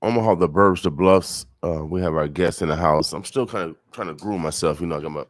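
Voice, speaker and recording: A man's voice: deep voice, fairly quick, dry recording. A middle-aged man hosting a morning radio show, chatting casually and rambling with repeated catchphrases in a studio. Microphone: studio microphone.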